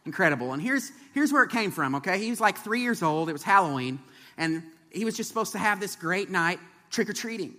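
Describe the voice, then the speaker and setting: A man's voice: high voice, animated, fairly quick, bright, forceful tone. A man in his thirties with an Oklahoman accent, preaching a joking, conversational sermon to his congregation. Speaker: pastor. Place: church sanctuary. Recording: long hall reverb.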